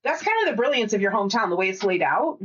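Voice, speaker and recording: A woman co-hosting a podcast in casual chat, rambling and swearing freely with quick asides. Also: mid-range voice, lively intonation, a bit bright, husky, dull audio. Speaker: podcast co-host.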